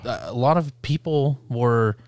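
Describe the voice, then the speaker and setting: A man co-hosting a podcast who rambles through his points with many fillers and casual swearing. His pitch is ordinary, neither high nor low. The recording is dry and close to the mic. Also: slow, a little mellow, no room sound. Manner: rambling, filler-heavy, profane. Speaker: podcast co-host. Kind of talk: casual chat.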